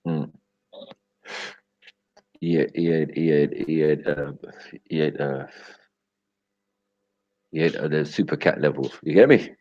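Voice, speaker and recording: A man's voice: a bass voice, measured pace, pauses often, dark tone, dry recording. A young man hosting a live stream and bantering with his chat in loose street slang, rambling and laughing often. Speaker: livestream host. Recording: dull lo-fi stream audio.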